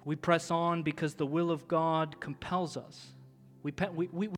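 Male pastor, high-pitched, impassioned and repetitive sermon delivery, faint music underneath. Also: flat delivery, a little slow, in a large hall. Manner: impassioned, swings from hushed to loud; repetitive, rhetorical preaching with restarts.

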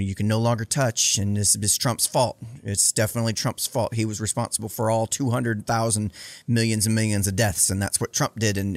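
A man's voice: lowish voice, vocal fry, dry recording, studio quality. A man hosting a livestream, reacting bluntly and with profanity to debate clips in casual commentary. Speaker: livestream host.

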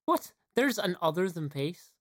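A man's voice: high voice, big pitch swings, a little slow, fairly bright tone, no echo. Man from the isle of lewis, podcast co-host, laid-back, laughing asides, dry close sound. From Isle of Lewis, Scotland. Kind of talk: casual chat.

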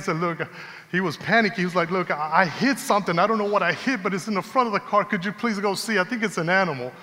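A man preaching a sermon, telling a personal story in a conversational, animated way. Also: sits high. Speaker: pastor. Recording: long hall reverb.

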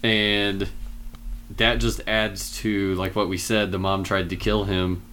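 Low-voiced man retelling a movie. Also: slow pace, soft background music. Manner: relaxed, retells scenes with many "like"s. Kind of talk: casual film discussion.

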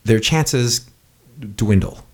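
A man's voice: medium pitch, extremely slow. A man hosting a podcast, talking earnestly and rambling, often repeating words as he goes. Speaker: podcast host. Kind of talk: casual conversation.

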